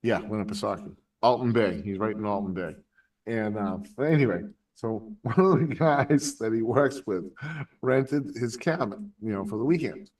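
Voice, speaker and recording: A man's voice: on the low side, normal speed, darkish tone. Rambling New man, distant mic. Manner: rambling storyteller, heavy swearing, laughs a lot. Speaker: podcast host. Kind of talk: casual stoner chat with friends.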